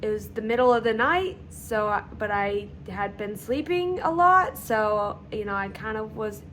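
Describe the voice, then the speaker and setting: A woman telling her own story in a vlog, candid and halting, with frequent fillers and pauses as she recalls events. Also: medium pitch, lively intonation, a bit bright, a little hiss or hum.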